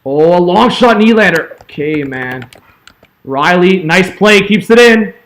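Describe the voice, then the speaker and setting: A young man calling a hockey game as an excitable fan streamer, yelling at big plays and chatting with viewers. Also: high voice, unhurried. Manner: yells and laughs at big plays, chats with viewers. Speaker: fan streamer doing live play-by-play. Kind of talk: excitable fan play-by-play commentary.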